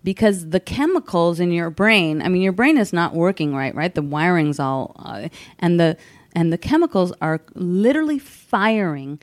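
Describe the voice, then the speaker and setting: A woman's voice: fairly low pitch, lively intonation, moderate pace, no room sound. A woman speaking as a guest, telling a personal story candidly and with emotion, acting out the voices of people she quotes.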